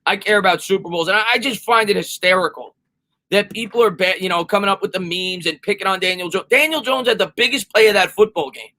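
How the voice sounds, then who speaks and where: A man hosting a live sports stream reads and answers viewer comments in a casual, chatty way. His voice is high-pitched and sharp-toned, and he talks quickly.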